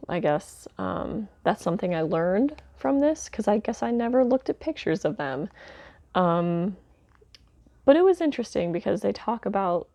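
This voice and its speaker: A woman talks through a film review in a loose, unscripted way, dotting her sentences with "um" and "like" and slipping in candid, mildly sardonic asides. Her voice sits on the low side with a gravelly fry. The sound is close and dry, with no room around it. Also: a little mellow, no room sound. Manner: chatty, many fillers like "um" and "like". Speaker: home video reviewer. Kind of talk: casual spoken film review.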